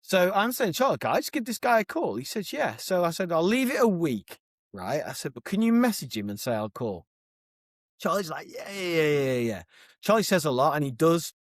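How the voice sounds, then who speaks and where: Man, podcast co-host, animated storyteller, lively pitch, dry sound. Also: normal speed, no echo. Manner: animated storyteller, gets overexcited. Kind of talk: casual chat.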